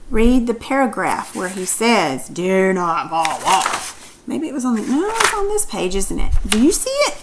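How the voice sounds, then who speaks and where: A woman's voice: fairly high pitch, slight background noise, poor audio. A woman teacher reading a story aloud and then asking questions about it patiently.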